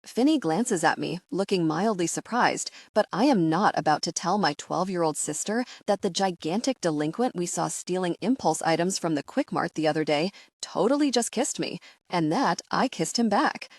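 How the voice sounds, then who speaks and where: A woman reading a first-person audiobook in a soft, measured, intimate manner, recorded close on a studio mic. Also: on the low side, animated, dry recording. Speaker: audiobook narrator.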